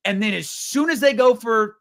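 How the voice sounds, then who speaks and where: A man's voice: very high-pitched, moderate pace, vocal fry, fairly bright tone. A young man co-hosting a casual film review chat, ranting and swearing in exasperation. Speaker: podcast co-host.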